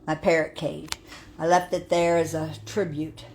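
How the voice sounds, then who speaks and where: A woman's voice: deep voice, flat delivery, normal speed, a little mellow, slight background noise. An older woman from New York, chatting casually and bluntly to her viewers while giving a tour of her house and yard. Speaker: vlogger. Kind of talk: casual home tour vlog.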